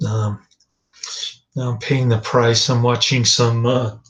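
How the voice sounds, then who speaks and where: Guy rambling slowly thru a movie review, lots of uhs, kinda dry and dismissive. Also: mid-range voice, level tone, fairly bright tone, rough recording. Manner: rambling, hesitant, many fillers and restarts. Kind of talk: casual spoken movie review.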